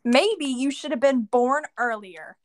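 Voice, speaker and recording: Animated high-voiced young woman co-host. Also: measured pace, dry recording, clean studio sound. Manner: animated, swears, laughs often. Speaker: podcast co-host. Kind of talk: casual chat.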